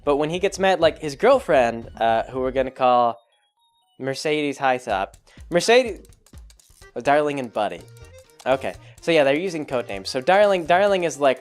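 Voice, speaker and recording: A man casually recapping a film, rambling and joking as he corrects himself along the way. His voice sits at an ordinary mid pitch. Faint music plays underneath. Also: animated, moderate pace. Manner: rambling, jokey, full of fillers and self-corrections. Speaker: vlogger.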